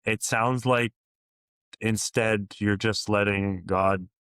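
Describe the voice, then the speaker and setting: Deep, smooth-voiced male podcast host. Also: fairly even intonation, slow, fairly bright tone, no echo, clean studio sound. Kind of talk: casual interview conversation.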